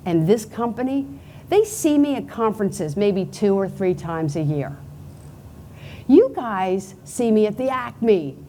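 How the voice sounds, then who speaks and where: A woman's voice: medium pitch, warm tone. Middle-aged pennsylvania lady winging her award speech at a banquet, chatty, podium mic, a little hall hum behind. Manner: chatty storytelling, acts out quotes. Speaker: award honoree giving acceptance speech. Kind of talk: unscripted acceptance speech.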